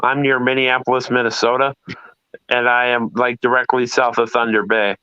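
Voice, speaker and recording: A man's voice: mid-range voice, little pitch movement, normal speed, sharp tone, smooth, dry recording. A man chatting casually and joking on a livestream. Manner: joking, talkative. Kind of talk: casual chat. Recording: dry, slightly muffled mic.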